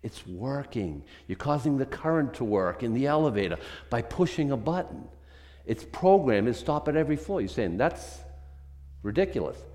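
Animated man preaching a conversational sermon. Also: medium pitch, normal speed, long reverb tail. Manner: conversational, animated, rhetorical questions. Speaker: pastor.

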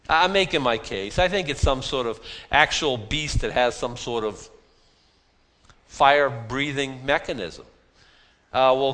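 A man preaching a sermon at a middle pitch. He talks in a folksy, self-deprecating way, often restarting his sentences and throwing rhetorical questions at his listeners. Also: fairly bright tone.

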